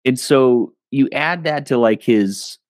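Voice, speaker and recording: A man, a podcast guest, telling stories in a loose, animated way, full of fillers and quick laughs. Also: medium pitch, no room sound. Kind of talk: casual storytelling.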